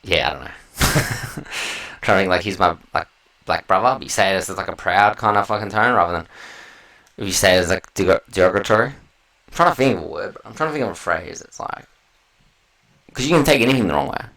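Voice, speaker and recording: A man's voice: low-pitched, lively intonation, a little fast, pauses often, bright, forceful tone, rough recording. An Australian man hosting a solo podcast, talking in a loose, rambling way with slang and heavy swearing. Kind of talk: casual rambling monologue.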